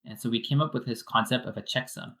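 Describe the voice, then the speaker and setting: A man's voice: mid-range voice, quick pace, pushed and bright, low-quality recording. A man, a wallet developer, giving a casual technical explanation step by step with many fillers.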